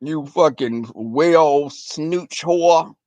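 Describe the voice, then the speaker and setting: High-voiced man ranting in crude storytelling. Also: extremely slow, no room sound. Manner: profane, animated, acts out quarrels in a shrill voice. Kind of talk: casual storytelling rant.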